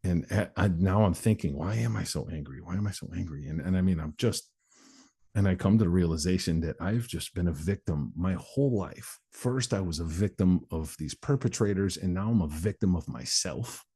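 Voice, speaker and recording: A man in his forties with a deep, mellow voice and a breathy edge speaks at a normal pace. He's a motivational speaker appearing as a guest on an interview show, candidly recounting his life story and imitating other people's voices.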